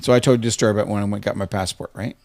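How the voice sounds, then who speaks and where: A man telling heated stories in casual podcast chat. He talks quickly and bluntly, with profanity in nearly every line. Faint music plays behind his voice. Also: on the low side, steady tone, creaky, darkish tone. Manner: blunt, heated storytelling, swears constantly. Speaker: podcast co-host.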